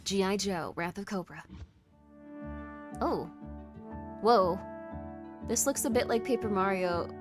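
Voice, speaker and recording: A woman streaming live, chatting casually and rambling as she reacts to a game showcase, with show audio and music playing behind her. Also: mid-range voice. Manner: chatty, rambling, quick laughs and exclamations.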